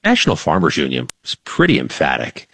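Deep-voiced man giving political analysis. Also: huge pitch swings, creaky, bright, forceful tone, husky, no echo. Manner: measured, wry, analytical. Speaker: weekly political news guest. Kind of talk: political analysis on talk radio.

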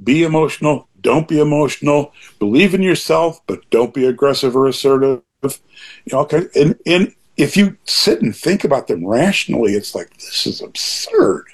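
Older man, husky, animated pitch, earnest rambling talk, reflective chat guest. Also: moderate pace. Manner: rambling, earnest, with frequent restarts. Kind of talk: reflective conversation.

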